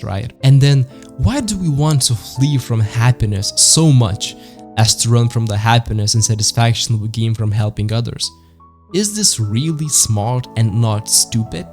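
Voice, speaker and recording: A man's voice: mid-range voice, darkish tone. A man hosting a reflective video essay, arguing his case and asking his listeners rhetorical questions. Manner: argumentative, asks rhetorical questions. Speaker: channel host. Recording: faint music behind.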